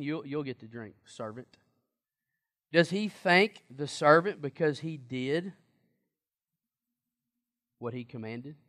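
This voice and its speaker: Male preacher, slightly high voice, emphatic, chatty sermon delivery with questions to the room. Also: a bit bright. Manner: conversational, emphatic, asks the congregation questions.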